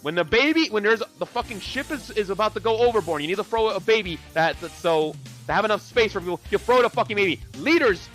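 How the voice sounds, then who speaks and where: A man's voice: sits high, lively intonation, quick pace, a bit bright, soft background music. A man from Puerto Rico ranting with heavy profanity on a heated livestream discussion. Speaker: livestream co-host.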